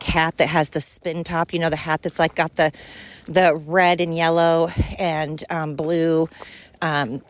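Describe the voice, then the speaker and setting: A middle-aged woman hosting a rambling solo podcast, chatty and opinionated, acting out the voices she quotes. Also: lowish voice. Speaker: podcast host.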